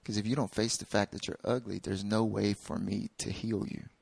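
A man voicing God as a calm, firm presence confronting someone about lying, in a sermon. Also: lowish voice, normal speed, creaky, slightly rough, dry recording, voice pushed down.

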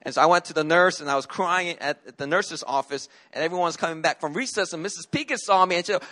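Earnest middle-aged pastor preaching. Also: male voice, a little high, quick pace, hardly any pauses, pushed and bright. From Korea. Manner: earnest, personal storytelling with frequent restarts. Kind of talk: sermon.

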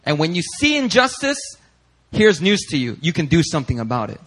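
A man preaching a sermon as pastor, animated and acting out the people he quotes in raised voices. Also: a little high, fairly quick, low-quality recording.

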